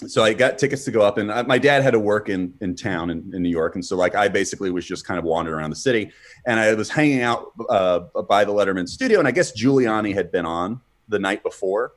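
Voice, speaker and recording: A man's voice: lowish voice, animated, quick pace. A man co-hosting a podcast, telling rambling, profane stories in casual chat, full of fillers and restarts. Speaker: podcast co-host. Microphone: streamed podcast mic.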